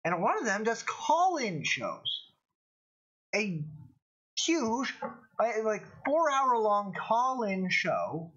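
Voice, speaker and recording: A man with a fairly high voice rambles through casual stream commentary, stopping and restarting his sentences often. The audio is dull and lo-fi, like a cheap stream mic. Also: big pitch swings, pushed and bright. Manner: rambling, halting, many restarts. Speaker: show host.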